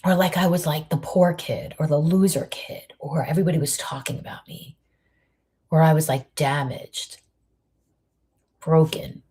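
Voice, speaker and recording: Soft-spoken woman in her fifties, husky and low. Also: fairly even intonation, moderate pace. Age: 50s. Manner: soft, intimate, often near a whisper. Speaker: host giving a monthly inspirational message. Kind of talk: reflective motivational talk.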